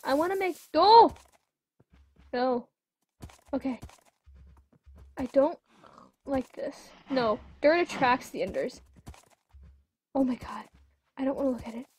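Jumpy high-voiced woman gaming. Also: slow, long pauses, a little mellow, a little hiss or hum. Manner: jumpy, gasping, talks to game creatures. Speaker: gamer. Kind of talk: let's play commentary.

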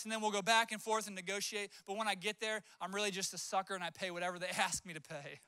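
A man's voice: high voice, fairly even intonation, quick pace, hardly any pauses, sharp tone, smooth, no room sound, clean studio sound. A man preaching a sermon as pastor, telling stories in a conversational way and acting out quotes. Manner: conversational storytelling with acted-out quotes.

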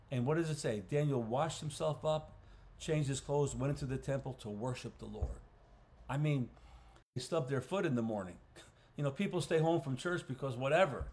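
A man, a pastor, teaching a Bible study in a conversational way, clearing his throat often and restarting phrases. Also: mid-range voice, darkish tone. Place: church. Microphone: livestream recording.

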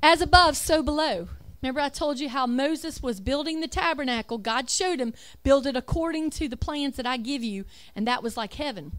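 A woman with a high voice speaks fairly quickly with few pauses, delivering an emphatic religious talk over slides. She reads lists aloud, poses rhetorical questions, and corrects herself as she goes.

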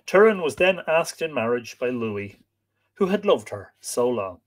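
Man, storyteller, live stream reading, lively pitch, chatty asides. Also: a little slow. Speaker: host and storyteller.

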